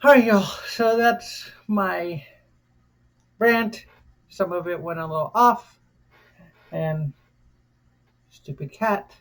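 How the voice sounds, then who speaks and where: A woman's voice: lowish voice, slow, pauses often. An American woman vlogger giving an impassioned, defiant rant, cursing freely and repeating phrases for emphasis. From United States.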